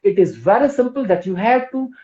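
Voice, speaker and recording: A woman's voice: mid-range voice, brisk. Woman, Indian English accent, yoga instructor, persuasive, roomy lo-fi live stream audio. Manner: animated and persuasive, asks the audience questions. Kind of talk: live-streamed wellness talk. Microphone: phone or laptop mic on a live stream.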